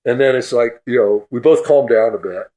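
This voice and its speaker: A man guesting on a podcast, telling an animated story and acting out the quoted voices, with laughter running through it. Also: medium pitch, a little fast. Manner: laughs through his stories; acts out quoted speech.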